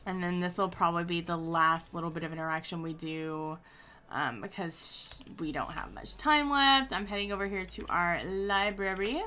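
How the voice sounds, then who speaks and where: A woman giving casual let's-play commentary, chatty and excitable, gushing and teasing herself as she plays. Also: on the low side, normal speed. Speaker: gaming YouTuber.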